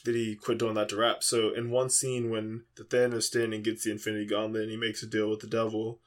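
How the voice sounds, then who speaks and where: A man's voice: lowish voice, monotone, brisk. A young man co-hosting a casual podcast, rambling with lots of fillers. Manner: rambling, filler-heavy storytelling. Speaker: podcast co-host.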